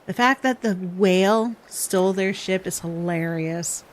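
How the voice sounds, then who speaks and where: A woman streamer chatting casually on a live game stream, giggly and expressive. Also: fairly low pitch, measured pace, few pauses.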